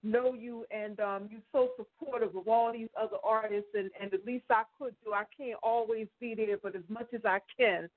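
A woman's voice: on the high side, fairly even intonation, moderate pace, hardly any pauses. Gushing woman caller on the phone. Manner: gushing, affectionate, restarts often. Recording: thin phone line.

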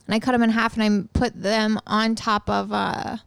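A woman's voice: mid-range voice, level tone, normal speed, vocal fry, clear, resonant tone, no echo. A woman co-hosting a podcast in casual chat, chatty and detailed with many fillers. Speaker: podcast co-host. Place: home.

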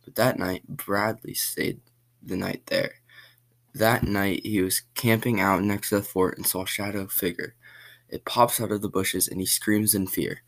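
A man reads a spooky short story aloud in a plain, unhurried manner. His voice is low and gravelly, with a steady rough fry under it.

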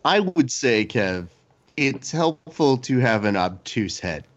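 A man's voice: mid-range voice, big pitch swings, slow, dull audio. A man co-hosting a fight podcast, chatting casually and telling rambling jokey stories. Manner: joking, rambling storyteller. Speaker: podcast co-host. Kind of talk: casual chat.

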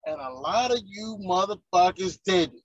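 A man's voice: sits high, animated, unhurried, no room sound, highs cut off. A man, ranting heatedly and profanely in casual chat as a podcast co-host.

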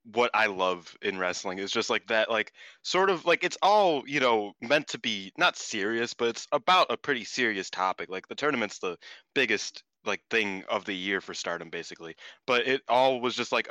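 A man co-hosting a casual wrestling chat, animated and swearing freely, acting out what others said. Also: on the low side, brisk, no room sound. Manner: animated, swears often, acts out quotes. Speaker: podcast co-host.

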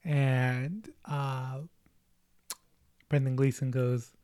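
A man's voice: mid-range voice, level tone, extremely slow, loud music behind the voice. A man chatting casually about a movie as a podcast co-host, laughing often and restarting his sentences.

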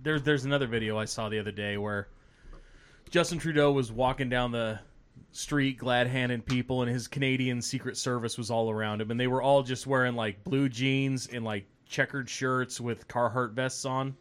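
This is a man co-hosting a casual podcast. His voice sits at an average pitch, and he tells stories in a joking, sarcastic way. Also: fairly even intonation, normal speed, fairly bright tone, smooth. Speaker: podcast co-host. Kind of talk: casual chat.

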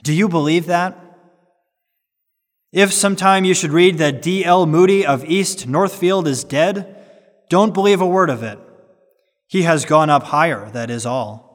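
A man reads an old sermon aloud with an earnest, preacherly cadence, pressing hard on some words and easing off on others. His voice sits somewhat high for a man. Each phrase trails off into a long, lingering reverb. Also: unhurried, long pauses. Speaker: sermon reader. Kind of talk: reading a 19th-century sermon aloud.

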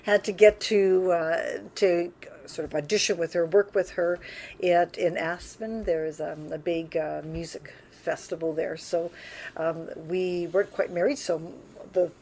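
A woman's voice: lowish voice, steady tone, unhurried, darkish tone, a little hiss or hum. A woman in her sixties from Canada, a pianist telling stories casually in an interview, laughing often and restarting her sentences.

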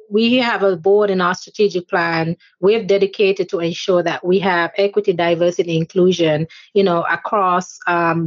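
A woman's voice: lowish voice, no room sound. Woman, 40s, thoughtful interview guest, dry close sound. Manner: earnest, reflective, with frequent fillers. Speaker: organization chair, interview guest. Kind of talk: conversational interview answers. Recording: slightly dull lo-fi audio.

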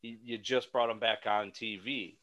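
A man co-hosting a podcast, talking in an animated, rambling way with frequent restarts. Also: on the low side, moderate pace. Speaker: podcast co-host. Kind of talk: casual chat.

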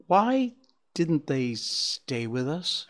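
A man voicing a shy, wondering young male fawn in a storybook reading, asking soft, high, tentative questions. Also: big pitch swings, drawn-out words, exaggerated voice.

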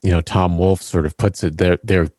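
A man's voice: low-pitched, fairly even intonation, normal speed, a little mellow, no echo, clean studio sound. A man co-hosting a podcast in casual chat, wry and hesitant, with lots of "you know" and "like". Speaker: podcast co-host.

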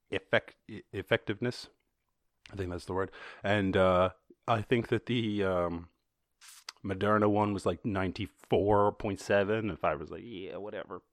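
Man, Irish accent, podcast host, casual news rant, profane and joking, low voice, dry close recording. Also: steady tone, moderate pace, no room sound. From Ireland.

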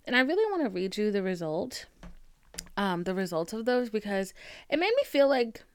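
Hosting her own podcast alone, a young adult woman speaks candidly in a clear, resonant, medium-pitched voice, recorded in a clean studio with no room sound. She pokes fun at herself, curses freely, and leans heavily on "like" as filler.

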